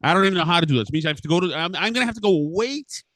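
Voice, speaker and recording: A man's voice: high voice, animated, very fast, fairly bright tone, dry recording. A middle-aged man hosting a podcast, ranting furiously and swearing with sputtering restarts. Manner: furious, profane, sputtering rant. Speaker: podcast host. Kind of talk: angry ranting monologue.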